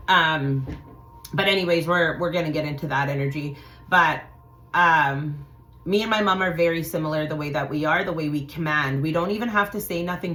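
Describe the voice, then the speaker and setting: A middle-aged woman telling a personal story to viewers in a blunt, profane way, acting out quotes with sudden loud shouts. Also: lowish voice.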